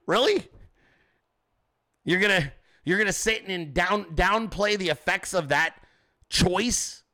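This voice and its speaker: A man's voice: sits high, lively intonation, slow, long pauses, pushed and bright. A man hosting a livestream, ranting profanely and combatively at commenters in his chat. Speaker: show host.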